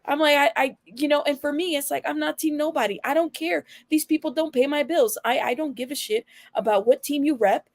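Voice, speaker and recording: Addressing her viewers directly, a channel host delivers casual commentary in a blunt, sassy manner. Her voice sits high and she speaks a little fast with few pauses, in a dry recording.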